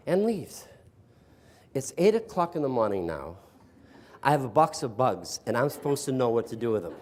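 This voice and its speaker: A man's voice: mid-range voice, very animated, normal speed, a little mellow. An older man from the East Coast, a sarcastic storyteller who speaks to an audience of teachers and asks them questions. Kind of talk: storytelling workshop talk. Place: room with a live audience.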